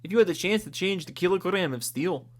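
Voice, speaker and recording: A man's voice: sits high, lively intonation, quick pace, voice pushed up. Man putting on a hammy foreign shopkeeper. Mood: mock-earnest.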